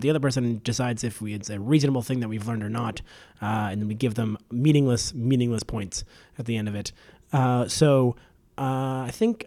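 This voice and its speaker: A man co-hosting a casual storytelling podcast. He talks in a loose, rambling way and keeps circling back with fillers and restarts. His voice sits at an ordinary middle pitch. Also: warm tone. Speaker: podcast co-host.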